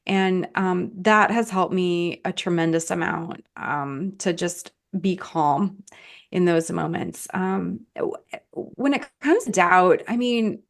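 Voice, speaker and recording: A woman's voice: lowish voice, slow, creaky. A middle-aged woman, an author guest on a podcast, talking casually with many fillers and frequent laughs. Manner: warm, laughing, thinks aloud with many fillers.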